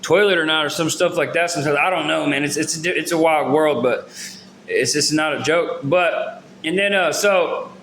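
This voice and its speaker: A man with a high, bright voice tells a story from his own life in a rambling, slangy way, full of fillers and false starts. The room around him is noticeably echoey. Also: normal speed, a little hiss or hum. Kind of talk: casual storytelling to camera. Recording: roomy echo.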